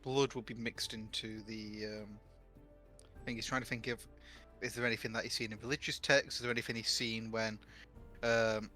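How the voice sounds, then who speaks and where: A man's voice: lowish voice, flat delivery, moderate pace, sharp tone, faint music behind. A man playing a tabletop game, describing his character hesitantly with many stumbles. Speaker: player.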